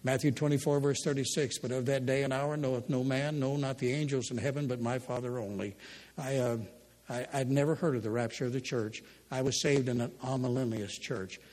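A man's voice: medium pitch, darkish tone, husky. An older man preaching a sermon, reading scripture and telling folksy, humorous stories from his life. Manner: folksy storytelling, humorous asides. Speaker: pastor. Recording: long hall reverb.

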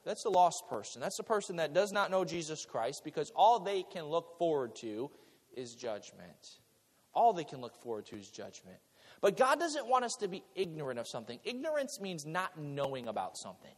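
A man preaches from the pulpit in a fairly high voice that swings widely in pitch. He stumbles over repeated words and mixes jokes into the message. The sound carries a long reverb, as in a large hall. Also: moderate pace. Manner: animated preaching with repeated words and joking asides. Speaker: pastor. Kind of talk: sermon.

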